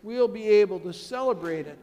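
A man's voice: high voice, fairly quick, warm tone, big-room sound. A man, a pastor, preaching a sermon with emphatic, building repeated phrases.

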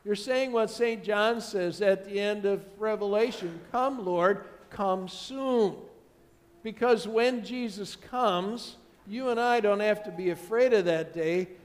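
A pastor delivers his sermon in a high, bright-toned man's voice, leaning on repeated phrases that swell in force. His words ring out with a long reverb trailing through the church sanctuary. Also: a little slow, hardly any pauses. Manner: emphatic, builds to rising repeated phrases.

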